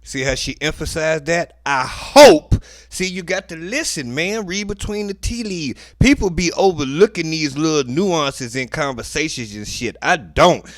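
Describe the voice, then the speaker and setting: A man's voice: on the high side, lively intonation, normal speed, hardly any pauses, a bit bright, dry recording. A man giving profane, slang-heavy live commentary on a court video, emphatic and lecturing. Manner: emphatic, profane, slangy, keeps addressing the defendant as "boy". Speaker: online commentator.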